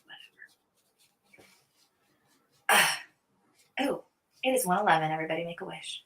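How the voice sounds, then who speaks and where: A woman's voice: on the low side, lively intonation, fast, a bit bright, slight background noise. A woman with a Northern US accent co-hosting a livestream, bantering playfully, teasing and tripping over words. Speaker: stream co-host.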